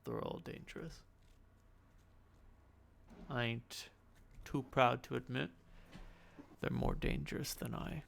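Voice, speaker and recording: Man voicing a hushed shadowy woman of the night. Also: medium pitch, steady tone, takes it slowly, vocal fry, pauses often, a little hiss or hum, heavily acted. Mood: guarded.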